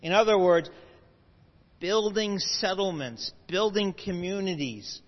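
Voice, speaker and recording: High-voiced man lecturing in a reverberant hall. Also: animated, takes it slowly. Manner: explanatory, with asides and self-corrections. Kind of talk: lecture to a live audience. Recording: dull lo-fi audio with long hall reverb.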